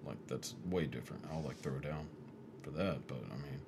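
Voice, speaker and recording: Deep-voiced man in casual chat. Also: moderate pace. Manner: laid-back, swearing, joking. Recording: clear background noise.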